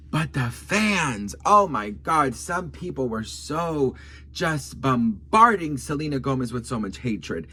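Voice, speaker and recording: A young man from Miami talks celebrity drama with sass, calling his viewers "girl" as he goes. His pitch swings widely, up high and down low, and his delivery is animated and dramatic. It sounds like a casual vlog commentary. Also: husky. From United States (Miami), Colombian family. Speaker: commentary vlogger.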